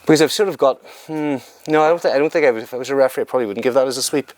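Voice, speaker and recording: A man teaching jiu-jitsu technique during a live demonstration, talking in halting phrases and often checking in with "okay?". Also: medium pitch, no echo. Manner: talks while moving on the mat, halting phrases. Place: training room at a retreat. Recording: noisy room recording.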